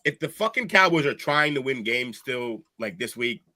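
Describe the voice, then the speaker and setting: A man's voice: medium pitch, animated, normal speed, bright, forceful tone. A man hosting a casual sports show with friends, loose and joking, swearing often. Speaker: sports podcast host.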